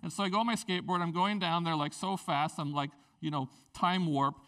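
Man, high-pitched voice, sermon, conversational storytelling, swings from soft to loud. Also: fairly even intonation, brisk, clean tone. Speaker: pastor.

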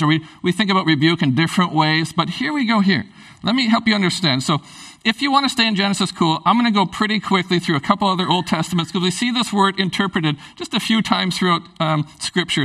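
High, gravelly-voiced man preaching. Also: sharp tone, far from the mic, rough recording. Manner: conversational, emphatic preaching. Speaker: pastor. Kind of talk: sermon.

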